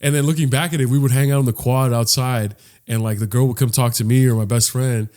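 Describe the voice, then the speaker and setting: A man's voice: mid-range voice, fairly even intonation, fast talker, darkish tone. A young man co-hosting a podcast, telling a rambling story in casual chat and acting out quotes. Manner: rambling, acts out quotes in voices. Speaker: podcast co-host.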